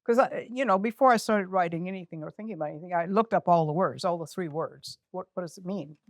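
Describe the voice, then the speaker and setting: A woman's voice: fairly low pitch, quick pace, no room sound, clean studio sound. An older woman telling an emotional personal story on stage, candid and self-mocking. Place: community center event.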